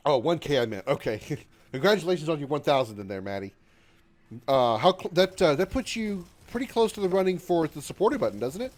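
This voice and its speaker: This thirtysomething streamer's voice is fairly high and a little mellow, with big swings in pitch and a fairly quick delivery. While gaming, he banters casually with viewers, cracks jokes, swears, reads chat out loud, and uses frequent fillers.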